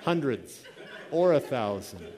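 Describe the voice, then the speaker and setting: A man's voice: medium pitch, sing-song, slow, dark tone, big-room sound. A man preaching a sermon as pastor, reading scripture and telling a personal story with quoted voices.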